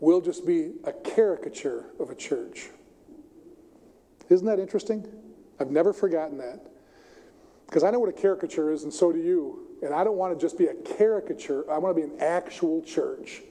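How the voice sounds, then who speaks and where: In a fairly high voice and a slightly fast delivery, a middle-aged male preacher animates his sermon with stories, playing each character himself. The recording, made in a church sanctuary, carries long hall reverb.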